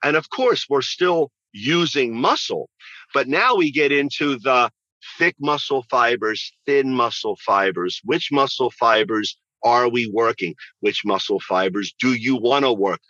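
A man's voice: medium pitch, expressive, unhurried, sharp tone, no echo, lo-fi sound. A man who works as a fitness trainer, answering interview questions in an emphatic way and repeating phrases for stress.

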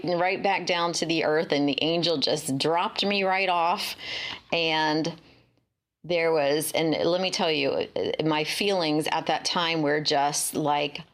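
Slow, low-pitched woman telling a dream. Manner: halting, many fillers and restarts. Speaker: dream testimony sharer. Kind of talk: casual spoken testimony.

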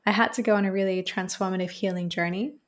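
An earnest woman talks at length as an interview guest, in a voice of middling pitch. She builds her points through repeated phrases and a steady, flowing delivery. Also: fast. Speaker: voice coach guest. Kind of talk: reflective interview answer.

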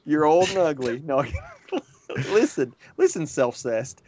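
Lively storytelling podcast co-host, a man. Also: a little high, unhurried. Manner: animated storyteller, laughs often. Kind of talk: casual chat. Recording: dull lo-fi sound.

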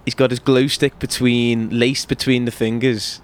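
A man's voice: medium pitch, flat delivery, measured pace, smooth. A man rambling through crude casual banter, swearing and laughing as he tells school stories.

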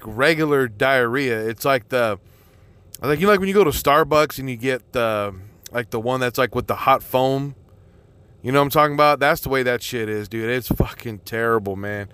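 A man's voice: mid-range voice, fairly bright tone, clean tone. A man hosting his own podcast, ranting in an exasperated, rambling way with constant swearing and lots of fillers. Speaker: podcast host. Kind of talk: profane solo podcast rant.

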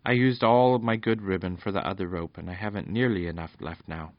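A man's voice: low-pitched, a little fast, no echo. A man voicing a nervous, eager small boy in a raised, hesitant voice, on a dull lo-fi recording. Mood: doubtful.

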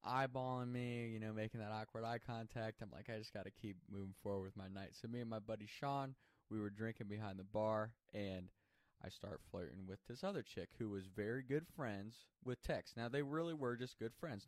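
A man's voice: fairly low pitch, no room sound, studio quality. A man telling a personal story casually, swearing freely and laughing as he goes. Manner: profane, animated, laughs while telling.

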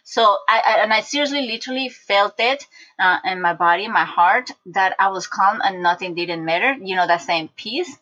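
Woman guest, bright sharp voice, animated storyteller, lo-fi dull audio. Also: mid-range voice, normal speed. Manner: animated storyteller with many restarts and acted-out quotes. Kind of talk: casual conversation, personal storytelling. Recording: dull lo-fi recording.

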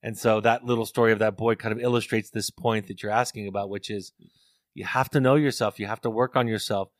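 In this fast, reflective interview, a middle-aged therapist and author speaks earnestly and shares stories, frequently repeating words while he thinks. His voice sits on the low side with fairly even intonation, recorded in studio quality without echo.

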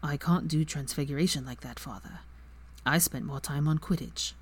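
A woman voicing a quiet, guarded young wizard in a fan story reading, speaking softly and low. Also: moderate pace, lightly acted. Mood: subdued. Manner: soft, low and subdued.

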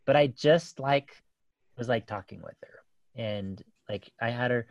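A man's voice: mid-range voice, unhurried, creaky, a little mellow, dry recording. A man in his thirties casually telling a story about his kids, rambling with lots of fillers and restarts and laughing often.

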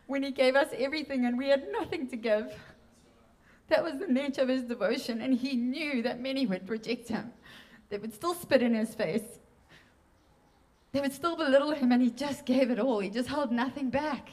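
High-voiced, earnest woman preaching. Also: normal speed, a little mellow. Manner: emotional, earnest, exclamatory. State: tearful at times. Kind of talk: sermon. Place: church.

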